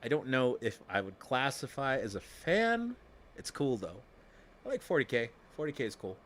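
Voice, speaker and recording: Male game streamer, casual rambling chat, jokey, middle pitch. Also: sing-song, moderate pace, fairly bright tone, a little hiss or hum. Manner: rambling, jokey, swears, chants and talks to chat.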